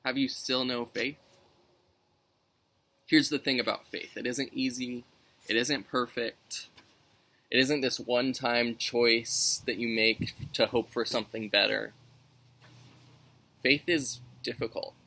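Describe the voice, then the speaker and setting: A man's voice: medium pitch, steady tone, measured pace, gravelly, bright, forceful tone, poor audio. A man leading a youth Sunday school lesson outdoors, talking in a friendly, conversational way as he reads and explains scripture. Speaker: youth minister.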